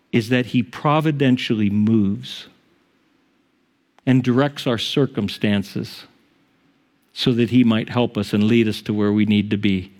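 A male pastor preaching a sermon in an animated, emphatic way. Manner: animated, emphatic, shifting pitch for quotes.

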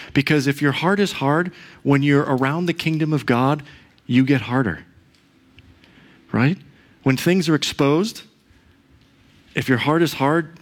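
A middle-aged pastor preaching a sermon, telling a personal story in a conversational way with frequent asides and tag questions. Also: male voice, medium pitch.

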